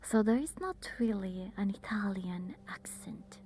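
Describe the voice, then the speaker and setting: A woman whispering as an ASMR streamer, chatting softly and haltingly with her viewers. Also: mid-range voice, expressive, slight background noise. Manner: halting, with many fillers. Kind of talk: whispered ASMR livestream chat.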